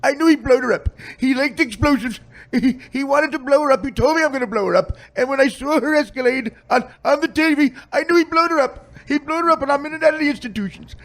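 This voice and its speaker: A man's voice: very high voice, quick pace, fairly bright tone, voice pushed up. A man doing a rambling Southern grandmother. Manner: repetitive, rambling. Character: rambling drugged-out grieving older Florida grandmother.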